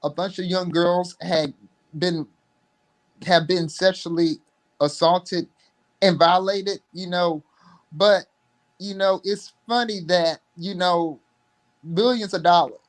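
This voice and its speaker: A young man joining a livestream chat as a guest, speaking hesitantly with many pauses and restarts. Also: high-pitched, fairly even intonation. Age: young adult.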